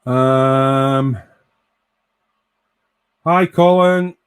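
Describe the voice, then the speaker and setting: A man chatting loosely to his live-stream audience in a voice of ordinary middle pitch. He rambles from topic to topic, teases friends, swears without a second thought and reads viewer comments aloud as they come in. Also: extremely slow, clear, resonant tone. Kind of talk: casual live-stream chat.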